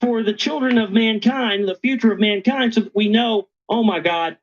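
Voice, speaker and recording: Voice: medium pitch, moderate pace. Insistent preachy monologue voice, lo-fi. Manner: insistent, preachy, repeating phrases. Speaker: conspiracy lecturer. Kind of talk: ranting monologue.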